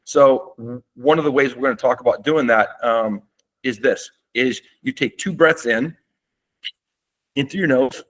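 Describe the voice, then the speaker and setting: A man presenting a health webinar from his desk, with a voice of ordinary middle pitch. He explains in a relaxed, conversational way, often pausing on fillers and restarting his sentences. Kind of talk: webinar lecture. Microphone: seated at a desk.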